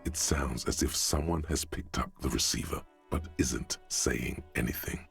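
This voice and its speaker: Brooding game narrator, extremely low voice, gravelly texture, solemn, expressive swooping delivery, faint music behind. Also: male voice. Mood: ominous. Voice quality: gravelly, deep. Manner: slow, solemn, descriptive delivery. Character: brooding omniscient male game narrator, ominous.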